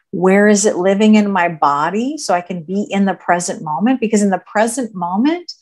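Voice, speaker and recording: A woman podcast guest in conversational teaching mode, reflective and gentle, who often voices imagined inner thoughts and checks in with "right?". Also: mid-range voice.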